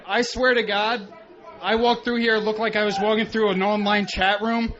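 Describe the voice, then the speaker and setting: A man's voice: high-pitched, level tone, moderate pace, fairly bright tone. A man doing an awkward, self-deprecating stand-up set on a club stage into a handheld mic. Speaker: amateur stand-up comic. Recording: muffled radio broadcast, live crowd.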